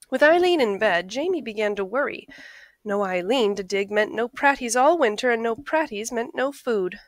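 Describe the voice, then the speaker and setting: Woman, storybook reader, expressive, higher pitch, dry close sound. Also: moderate pace, dry recording. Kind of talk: reading a picture book aloud.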